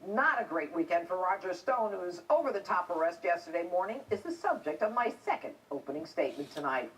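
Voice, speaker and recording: A woman's voice: lowish voice, big pitch swings, a little fast, distant mic, over music, poor audio. A middle-aged woman, a TV host and former police officer, delivering a scripted opinion monologue in a combative, indignant, emphatic way.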